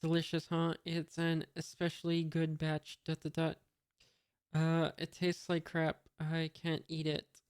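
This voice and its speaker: A reader voicing a proud, sharp-tongued young male cook, read plainly and a little louder than the narration. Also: mid-range voice, measured pace, clean tone, no room sound, studio quality, natural voice. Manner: flat reading, a bit louder for quotes.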